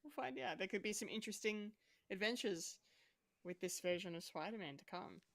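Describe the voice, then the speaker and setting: A woman hosting a casual podcast chat, bubbly and quick to laugh. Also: medium pitch, a bit bright, dry recording. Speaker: podcast host.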